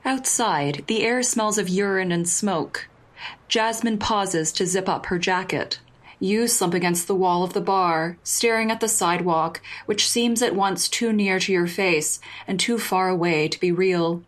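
A woman narrating a second-person story in a steady, even delivery. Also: mid-range voice, unhurried.

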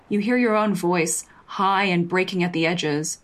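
A woman narrating a second-person story in a steady, even delivery. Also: lowish voice, a little slow, few pauses.

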